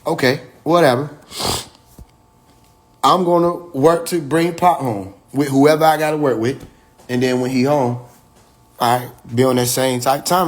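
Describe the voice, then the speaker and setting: A man talking casually to his viewers on a phone livestream, excitable, laughing often and swearing freely. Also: mid-range voice, a little slow, pauses often. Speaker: livestream host.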